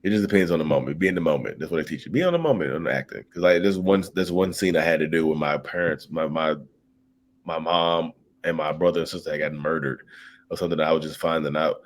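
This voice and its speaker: A man co-hosting a live stream in a casual, animated way. He reads viewer comments aloud and often repeats words as he searches for them. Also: very deep voice, quick pace, slight background noise.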